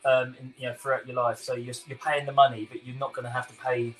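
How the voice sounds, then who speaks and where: A young chef with a London-tinged English accent chats and laughs with viewers during a live cooking stream, answering their comments. His mid-range voice comes out flat and quick, and the recording is rough.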